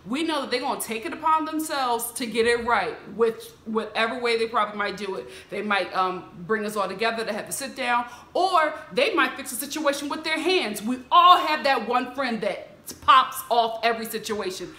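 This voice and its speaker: A woman casually recapping a reality show, mimicking the cast members with bright put-on voices. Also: normal speed, few pauses, roomy sound. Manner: animated, mimics the people she recaps in a higher voice. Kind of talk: casual commentary.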